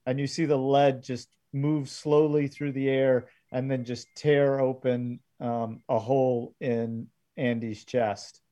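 Male game master, slow and mellow, narrating with lots of uh's. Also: medium pitch, little pitch movement. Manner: halting, filler-heavy narration.

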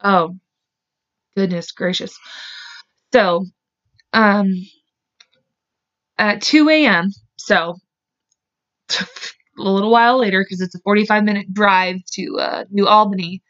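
Casting: woman host, mid-pitched voice, loose chatty true-crime storytelling, lots of "like", swears, slightly dull lo-fi mic. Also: slow pace, pauses often, fairly bright tone. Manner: chatty, filler-heavy, emotional, swears openly. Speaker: podcast host.

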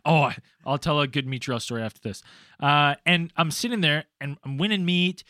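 Young podcast guy, kinda high bright voice, rambly and animated, swears a lot, dry sound. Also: a little fast, dry recording. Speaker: podcast co-host. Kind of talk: casual storytelling.

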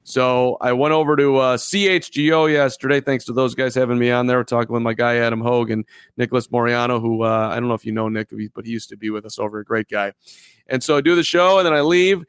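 A man's voice: mid-range voice, fairly even intonation, fast, clear, resonant tone, no room sound. A man co-hosting a live baseball podcast, telling stories in a rambling way and repeating himself. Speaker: podcast co-host. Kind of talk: casual live podcast chat.

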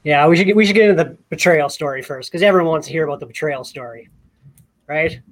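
Lively man telling a story. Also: fairly high pitch, quick pace. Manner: animated, repeats words while telling a story. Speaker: podcast co-host. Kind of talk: casual storytelling chat.

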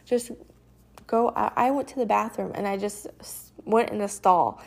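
A woman's voice: medium pitch, normal speed, gravelly, darkish tone. A woman hosting a casual solo podcast, talking in a rambling, reassuring way with lots of fillers. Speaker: podcast host.

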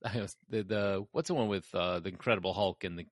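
Low-voiced man reading film credits. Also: moderate pace, dry recording, clean studio sound. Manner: laughing, chatty, trails off mid-sentence. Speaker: podcast host.

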